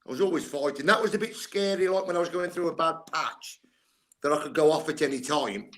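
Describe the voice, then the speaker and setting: A man's voice: a little high, a little fast, fairly bright tone. An older man, a guest sports coach telling blunt, candid stories and swearing freely. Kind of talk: candid storytelling chat.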